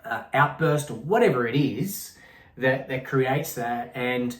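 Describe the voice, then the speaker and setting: A man's voice: medium pitch, slow. A middle-aged man co-hosting a podcast, talking in a reflective, rambling way with frequent restarts. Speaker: podcast co-host. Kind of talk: casual conversational chat. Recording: echoey room.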